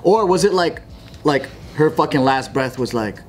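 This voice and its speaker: Animated man with a lively voice. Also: a little high, moderate pace, slight background noise. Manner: animated, crude, playful. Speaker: panelist. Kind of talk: casual comedic banter.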